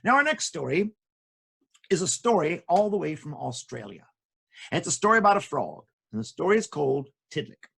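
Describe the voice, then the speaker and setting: A man telling folk tales to children in a playful, jokey, expressive way. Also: fairly high pitch, fairly quick, creaky, husky. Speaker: children's storyteller. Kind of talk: animated storytelling for children.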